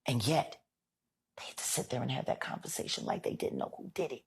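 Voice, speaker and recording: A woman in casual talk, speaking in an emphatic, rhetorical way that surges loud and high. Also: huge pitch swings, fast talker, creaky, husky.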